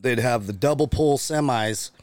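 A man from Utah swaps stories as a guest on a podcast, his voice sitting at a middle pitch. He tells them in an animated way and laughs often. The sound is dry and close, with no room around it. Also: normal speed, dry recording. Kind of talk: casual podcast chat.

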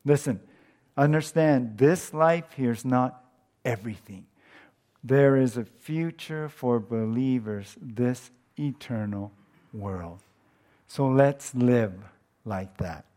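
A male pastor delivers a sermon in a relaxed, conversational tone. His voice sits at an ordinary middle pitch. He often asks the congregation questions, and his phrase endings drop softly. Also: slow.

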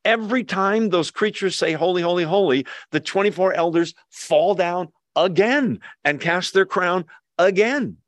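An older male pastor delivers a sermon in a slightly high voice. He leans hard on repeated words and keeps asking his listeners questions. The sound is dry and close. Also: lively intonation, unhurried, a bit bright, dry recording. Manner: emphatic, asks the audience questions, repeats words for emphasis.

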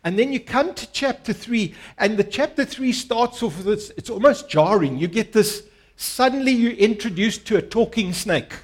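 A man's voice: sits high, lively intonation, moderate pace. A pastor preaching a sermon to his congregation, earnest and emphatic, repeating key phrases and inviting listeners to respond.

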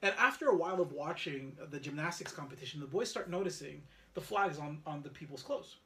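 A man with a high voice tells a family story at an easy, chatty pace. He acts out the lines of the people in it as he goes, cohosting a relaxed conversation. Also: a little fast, a little hiss or hum. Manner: animated storyteller, acts out his son's lines. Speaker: podcast co-host. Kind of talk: casual chat.

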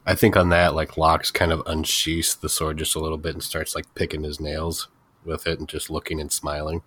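A man playing a tabletop game, talking in a dry, low-key way. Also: level tone, moderate pace, a bit bright, slightly rough, no echo. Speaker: player. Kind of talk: casual chat.

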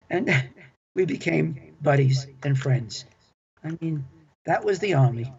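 Older guy reminiscing, kinda high voice, chatty, repeats stuff, dull lo-fi sound. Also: lively intonation, slow pace, vocal fry, a little mellow. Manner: chatty, repeats himself, enthusiastic. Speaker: interview guest, former club manager. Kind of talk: storytelling reminiscence. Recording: dull lo-fi recording.

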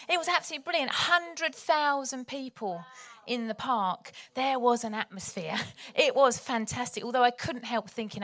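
A woman's voice: on the high side, lively intonation, normal speed, a bit bright. A woman preacher from England giving a chatty, enthusiastic sermon, laughing easily.

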